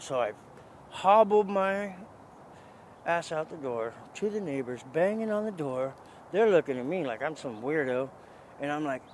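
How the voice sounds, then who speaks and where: A man's voice: fairly high pitch, expressive, normal speed, a little hiss or hum, poor audio. A man casually telling his own story, rambling along with many restarts and a lot of "dude".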